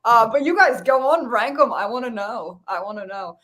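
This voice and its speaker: A woman co-hosting a casual live chat, playful and lively. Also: on the high side, normal speed, rough recording. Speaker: co-host.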